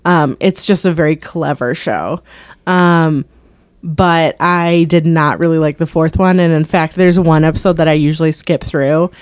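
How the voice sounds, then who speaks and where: Chatty woman with a lower voice. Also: fairly even intonation, moderate pace, darkish tone, no room sound. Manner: chatty, lots of filler words and laughs. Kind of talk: casual chat.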